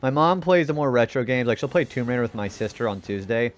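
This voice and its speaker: A man's voice: mid-range voice, expressive, fast talker. A young man doing laid-back commentary on a game live stream, chatting with viewers and laughing often.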